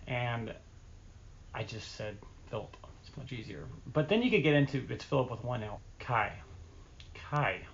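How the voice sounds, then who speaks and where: A man's voice: medium pitch, animated, a little slow, vocal fry, dull audio. A man chatting casually to camera as a vlogger, telling rambling stories about himself in a chatty way. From Appalachia, East Tennessee.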